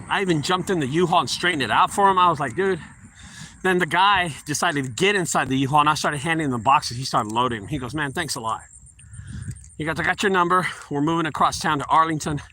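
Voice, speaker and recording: A man's voice: fairly high pitch, sharp tone, a little hiss or hum, low-quality recording. A man who owns a junk removal business tells a work story in a casual vlog, talking animatedly and acting out both sides of the conversation. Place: outdoors by a property. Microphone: phone held by speaker.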